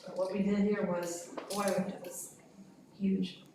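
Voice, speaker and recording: A woman's voice: mid-range voice, level tone, slow pace, background noise. A woman on a city committee talking casually and emphatically, rambling at times, in a public meeting. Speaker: committee member. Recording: echoey room from far off.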